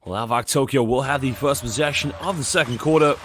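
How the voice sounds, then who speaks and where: A man doing live play-by-play commentary on a basketball game, calling the action briskly and reading out viewer chat messages between plays. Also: mid-range voice, a bit bright, slight background noise.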